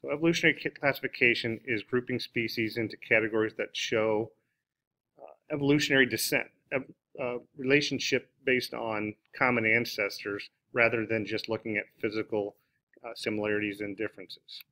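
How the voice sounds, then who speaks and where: A man's voice: mid-range voice, fairly even intonation, brisk, pushed and bright. A man explaining biology in a recorded lesson, talking off the cuff with many fillers and restarts. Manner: unscripted explaining with frequent "uh" and restarts. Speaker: biology teacher. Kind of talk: recorded classroom lecture.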